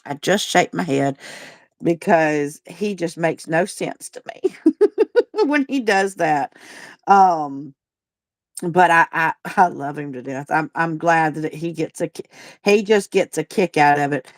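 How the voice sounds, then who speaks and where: Lady in her 40s rambling on a livestream, lowish voice, dry close sound. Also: measured pace, dry recording. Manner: rambling and chatty, with frequent restarts and a drawl. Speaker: livestream host. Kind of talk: casual chat, reading viewer comments.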